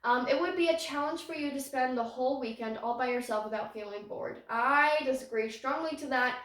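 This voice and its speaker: A woman's voice: sits high, fairly quick, a bit bright, far from the mic. A young woman hosting a podcast, rambling through a casual story, self-conscious and often laughing. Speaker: podcast host. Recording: roomy echo, voice off-mic.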